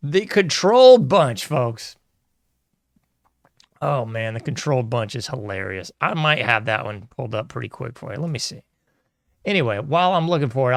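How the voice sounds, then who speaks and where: This podcast host's mid-range voice comes through in studio quality without echo. Hosting his own show solo, he comments casually, rambling, sarcastic and often laughing.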